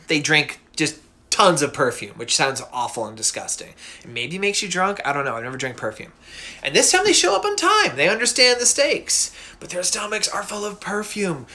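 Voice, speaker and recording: A man's voice: fairly high pitch, sharp tone. A middle-aged man casually and goofily retelling a myth as host of a show. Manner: chatty, goofy, lots of fillers. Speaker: cartoonist hosting a myth show. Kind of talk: casual storytelling.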